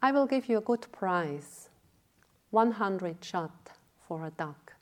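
A woman's voice: mid-range voice, expressive, slow pace. A woman doing a sly old duck seller. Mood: bargaining. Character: sly elderly man selling wild ducks.

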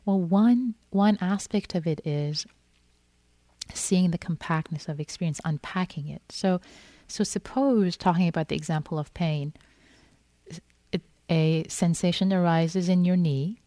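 A woman meditation teacher giving a gentle, repetitive dharma talk in which she acts out inner thoughts. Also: lowish voice, a little slow, no room sound. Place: meditation hall.

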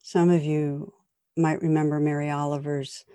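A woman giving a dharma talk as a meditation teacher, gentle and conversational with light humor. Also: low-pitched, flat delivery, moderate pace, smooth, no echo, clean studio sound.

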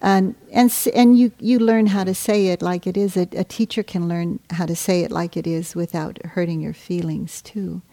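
A woman meditation teacher giving a dharma talk, soft and gentle, unhurried and reflective. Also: lowish voice, steady tone.

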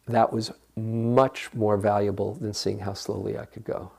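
Older guy giving a dharma talk, gravelly voice, slow and calm. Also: on the low side. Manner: gentle, unhurried, reflective, guiding listeners. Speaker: meditation teacher.

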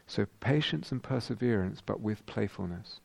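A British meditation teacher speaks in a reflective, unhurried way, pausing and restarting as he searches for words. His voice sits low with a gravelly edge. The sound is dry and close. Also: expressive, no echo. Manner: gentle, reflective, many pauses and restarts. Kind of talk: dharma talk. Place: retreat meditation hall.

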